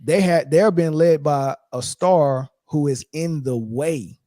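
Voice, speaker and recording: A man's voice: on the high side, slow pace, warm tone, dry recording, clean studio sound. A man co-hosting a casual sports podcast live stream, talking loosely and repeating himself as he urges viewers to like and share. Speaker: podcast co-host.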